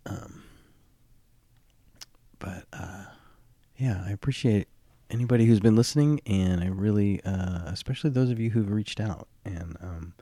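A man hosting a solo podcast in his groggy early morning voice, talking haltingly with many fillers and restarts. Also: lowish voice, warm tone, no room sound. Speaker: podcast host.

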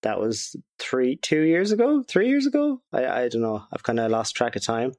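A man's voice: medium pitch, huge pitch swings, normal speed, darkish tone. An Irish man talking over a video call as a guest about the audio drama he made, chatty, laughing often and restarting his sentences. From Ireland. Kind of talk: casual interview chat.

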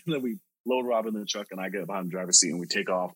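A man's voice: low voice, rapid-fire, fairly bright tone, breathy edge, dry recording, rough recording. A male podcast host telling a story casually, rambling and swearing with lots of filler words.

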